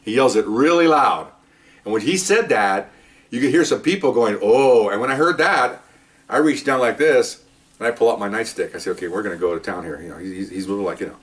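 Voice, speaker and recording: An older man in his sixties spins a story at a rapid clip, acting out sounds and voices as he goes. He leans on "okay" and "you know" between beats. His voice sits a little back from the microphone. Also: medium pitch, animated, a bit bright. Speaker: retired police officer. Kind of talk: casual storytelling. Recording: voice a bit far from the mic.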